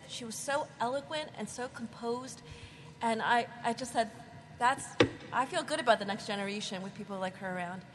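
A woman on a panel telling a story with lively admiration. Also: a little high. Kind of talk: panel discussion. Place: conference hall. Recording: reverberant hall, audible noise.

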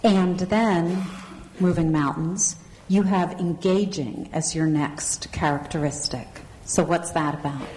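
Low-voiced woman moderating in a roomy hall. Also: slow pace, darkish tone. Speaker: panel moderator. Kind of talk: moderating a panel. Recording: roomy hall with long reverb, faint noise.

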